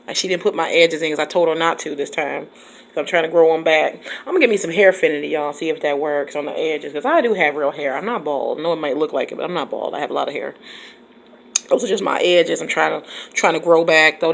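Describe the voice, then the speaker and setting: A woman's voice: low-pitched, fast talker, vocal fry. A woman teacher from Michigan, chatting casually in her car and laughing often. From Michigan, USA. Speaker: teacher and vlogger. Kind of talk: casual chat.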